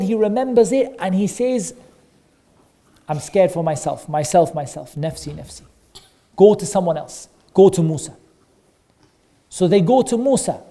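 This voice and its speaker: A man teaching a class of children, telling a story in a lively way, repeating phrases for emphasis and asking the children questions. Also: sits high.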